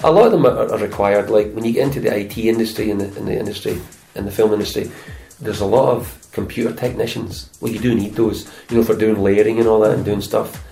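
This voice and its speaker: A man's voice: fairly low pitch, steady tone, fast talker, creaky, hardly any pauses, warm tone, poor audio. A middle-aged Scottish man, an actor and stuntman, telling chatty anecdotes in an interview and slipping into voices for the people in them. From Scotland. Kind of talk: casual interview storytelling.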